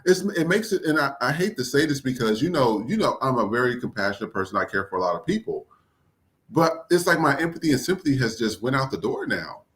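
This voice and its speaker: An exasperated man co-hosting a podcast, talking in a lively voice that swings widely in pitch. His commentary is heated, casual and full of profanity, with a mid-range voice. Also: quick pace. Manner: animated, exasperated, profane ranting. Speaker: podcast co-host.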